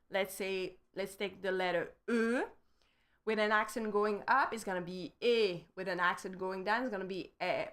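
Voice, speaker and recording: A woman's voice: medium pitch, fairly bright tone. A woman with a French accent, a native French speaker, teaching a casual live-stream lesson and explaining step by step in chatty English with small grammar slips.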